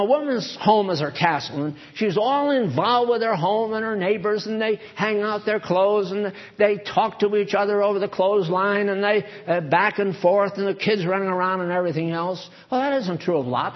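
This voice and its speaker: High-pitched male preacher, chatty and digressive sermon, muffled lo-fi recording. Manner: conversational, digressive, asks the listeners questions. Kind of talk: folksy sermon reading and explaining scripture. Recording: dull lo-fi recording.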